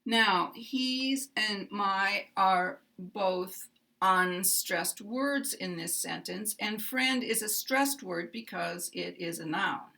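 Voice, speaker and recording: An American woman teaching pronunciation, speaking slowly and deliberately and modeling example phrases with exaggerated rises and falls in pitch. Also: vocal fry, bright, forceful tone.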